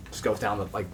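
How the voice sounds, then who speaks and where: A man hosting a casual gaming chat, trading quick jokes with a friend. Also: lowish voice, a little hiss or hum. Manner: joking, quick banter. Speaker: gaming channel host.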